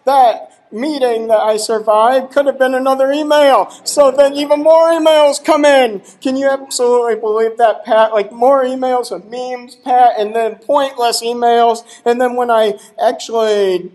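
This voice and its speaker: A man's voice: very high-pitched, a little mellow, low-quality recording. A man giving a short humorous talk at a conference, joking and teasing the audience in an exasperated way. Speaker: conference presenter. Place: conference hall.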